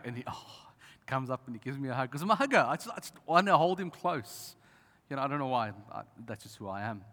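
A man in his thirties, a pastor, preaching a sermon with passion, slowing down for emphasis and swinging from loud to soft. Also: mid-range voice, animated. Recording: reverberant church hall.

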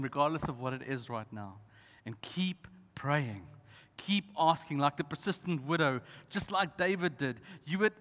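Preaching man in a reverberant church. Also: on the high side. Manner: impassioned preaching, slowing for emphasis, swings from loud to soft. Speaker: pastor. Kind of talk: sermon.

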